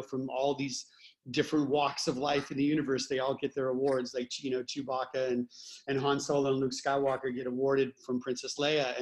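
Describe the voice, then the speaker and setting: A middle-aged man, a podcast co-host, telling personal stories in a reflective, openly emotional way during a casual conversation. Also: mid-range voice.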